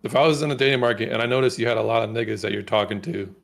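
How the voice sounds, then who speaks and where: A man's voice: medium pitch, very fast, vocal fry. A man co-hosting a casual chat, giving blunt, opinionated commentary on a video. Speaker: co-host reacting to a video.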